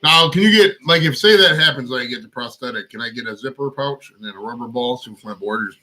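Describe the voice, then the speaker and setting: A man's voice: medium pitch, quick pace, sharp tone, low-quality recording. A young man co-hosting a podcast in casual chat, rowdy and joking, swearing freely. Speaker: podcast co-host.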